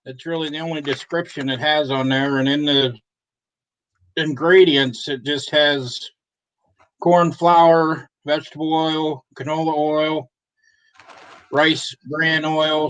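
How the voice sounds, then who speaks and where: A man's voice: fairly high pitch, fairly bright tone, rough recording. A man co-hosting a casual live stream, joking and cursing as he reads a snack's ingredient list.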